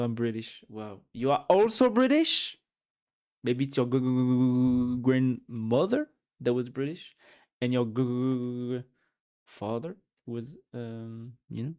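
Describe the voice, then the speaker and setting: A man on a livestream talks loosely with his chat, reading messages aloud and joking back. He rambles and repeats words as he hunts for the next one. His pitch sits right in the middle. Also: darkish tone. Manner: rambling, repeats words while searching for them; reads chat aloud and jokes with it. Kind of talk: casual chat with viewers.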